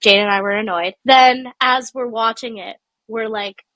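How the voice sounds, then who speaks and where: A woman co-hosting a podcast while fighting a cold, telling stories in a lively, laugh-filled way and acting out what others said. Her voice is bright and a little high. The sound is dry and close. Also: normal speed, no echo. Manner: animated storyteller, laughs often, quotes people in voices. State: sick with a cold. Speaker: podcast co-host. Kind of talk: casual chat.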